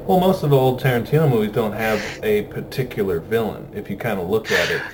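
A man's voice: on the low side, quick pace, noisy background. A man co-hosting a casual chat about films, rambling with many fillers and restarts. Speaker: podcast co-host.

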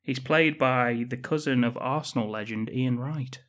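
A man co-hosting a casual film podcast, talking through the plot in a dry, offhand way. He swears easily and keeps the recap moving at an ordinary conversational pitch. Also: moderate pace, a bit bright. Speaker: podcast co-host. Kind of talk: casual film-review chat.

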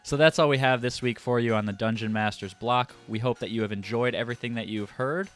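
A man co-hosting a tabletop gaming podcast in casual chat, relaxed and repeating words as he starts sentences. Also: medium pitch, brisk, soft background music. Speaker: podcast co-host.

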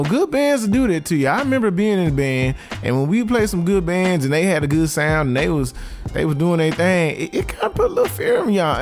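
Animated guy doing band reaction commentary, talks right at his viewers, music low in the back. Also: gravelly. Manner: animated, slangy, talks straight to his audience.

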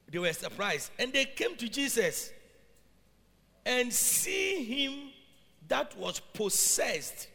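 High, gravelly male preacher in a hall. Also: sharp tone. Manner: reads scripture aloud then explains it, with questions to the congregation. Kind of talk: sermon.

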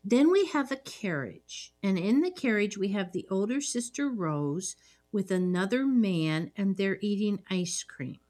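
A woman's voice: medium pitch, animated, unhurried, a little mellow. A woman co-hosting a casual chat, adding wry asides and reactions while recapping a story. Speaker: podcast co-host.

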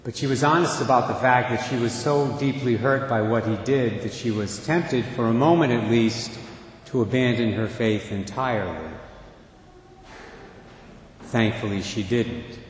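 An older man, a priest, preaching a homily in a measured, deliberate way with a wry touch. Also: mid-range voice, slight background noise. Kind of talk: sermon. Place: church. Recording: echoey church with long reverb.

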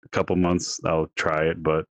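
A man co-hosting a casual gaming podcast, laid-back and halting, often laughing as he talks. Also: low-pitched, level tone, dry recording. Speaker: podcast co-host.

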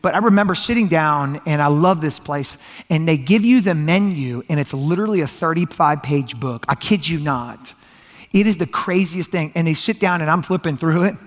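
A man, preaching a sermon as pastor in an animated, conversational way and often asking his listeners questions. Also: on the high side, normal speed. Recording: long reverb of a large hall.

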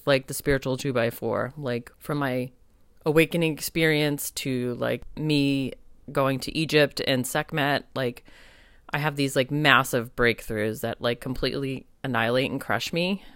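A woman's voice: very deep voice, dry recording, clean studio sound. A woman who works as a spiritual medium, hosting a casual solo podcast and speaking candidly with lots of fillers, laughs and the odd swear. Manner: chatty and candid, heavy on "like", laughs and swears freely.

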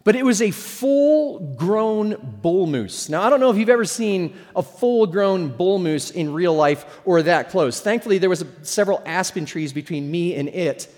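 A middle-aged man delivers a sermon in a relaxed, joking storyteller's manner, his voice sitting a little high for a man. The sound rings with a long reverb from the church hall he is preaching in. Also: moderate pace, few pauses. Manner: conversational storytelling with humor. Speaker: pastor.

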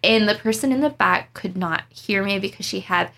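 Bright, gravelly young woman telling a story. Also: medium pitch, moderate pace. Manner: animated, dramatic, laughs through the story. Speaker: storyteller guest. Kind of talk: casual storytelling chat.

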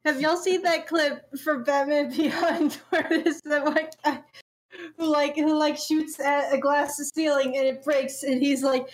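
A woman with a high voice chiming in on a stream with dry, matter-of-fact remarks. She talks at an unhurried, slow pace. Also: steady tone. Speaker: podcast co-host. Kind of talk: casual chat on a live stream.

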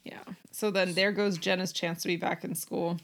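A woman's voice: on the low side, little pitch movement, moderate pace, creaky. Easygoing woman podcast co-host. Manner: easygoing, agreeable, laughs along. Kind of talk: casual recap chat.

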